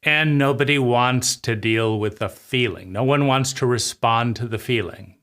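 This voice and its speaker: A man hosting a reflective personal-growth monologue, often voicing a small child's inner thoughts, with emphatic repetition and halting restarts that trail off quietly. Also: mid-range voice. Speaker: channel host.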